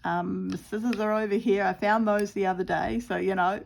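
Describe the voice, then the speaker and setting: A woman casually talking viewers through her stitching, chatty and quick to laugh at her own mishaps. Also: mid-range voice, steady tone, vocal fry. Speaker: craft vlogger.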